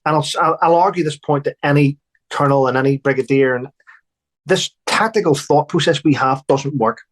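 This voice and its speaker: A man's voice: on the high side, a little fast. Blunt, profane army veteran man. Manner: blunt, profane, emphatic with restarts. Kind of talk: recounting war stories.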